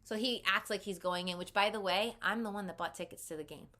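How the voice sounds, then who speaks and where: Bright-voiced young woman telling a personal story. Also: medium pitch, quick pace. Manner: candid, conversational, peppered with "like". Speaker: vlogger.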